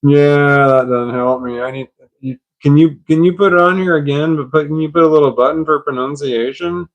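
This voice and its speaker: A man's voice: a little high, normal speed, dull audio. A man chatting on a live stream, puzzled and rambling, laughing at himself.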